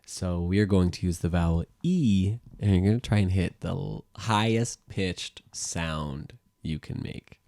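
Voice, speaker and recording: A man with a very deep, gravelly voice leads a voice-exercise session as a sound therapist. He talks in an easygoing, meandering way, leaning on fillers as he explains. The sound is dry and close, with almost no room around it. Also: unhurried, few pauses, darkish tone, no room sound. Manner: easygoing, rambling, filler-heavy. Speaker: music teacher and sound therapist. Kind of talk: guiding a voice exercise.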